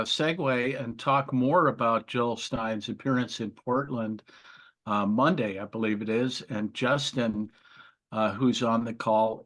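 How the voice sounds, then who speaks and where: A man of middle pitch running a video meeting. He calls on speakers and keeps things moving in a brisk, polite way. He is heard over a video call. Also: fairly bright tone. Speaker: meeting moderator.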